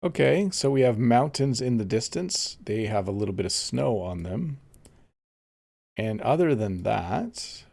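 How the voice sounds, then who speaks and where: A man's voice: on the low side, animated, a little slow, creaky, darkish tone. A man teaching English on a casual live stream, chatting easily and reading viewer comments aloud while he plays a game. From Canada.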